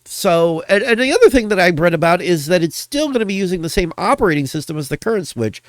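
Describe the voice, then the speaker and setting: A man with a high, very lively voice rambles through casual gaming commentary and throws out playful insults. His pitch swings widely, and the recording is close and dry. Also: quick pace, dry recording. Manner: animated, rambling, playfully name-calling. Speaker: gaming video host.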